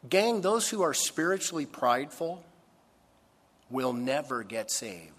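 A man preaching a sermon, earnest and emphatic, with dramatic pauses on key words. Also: mid-range voice, big pitch swings, a bit bright. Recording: long reverb of a large hall.

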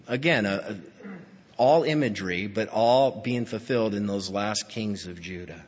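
A man preaching a sermon with deep feeling, his voice going from hushed to emphatic. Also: moderate pace, slightly rough. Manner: emotional, swinging from hushed to emphatic. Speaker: pastor. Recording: dull lo-fi sound with long hall reverb.

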